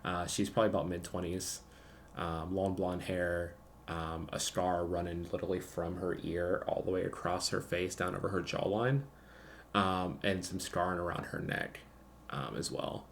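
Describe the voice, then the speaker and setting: A man's voice: sits low, steady tone, normal speed, slight background noise. A man narrating as game master in a tabletop role-play, casual, with many fillers. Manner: casual, lots of ums and likes.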